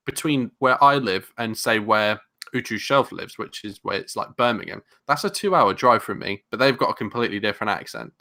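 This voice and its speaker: A man with a London accent, co-hosting a casual podcast chat, animated and rambling with many restarts. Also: medium pitch. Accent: London English. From England. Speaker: podcast co-host.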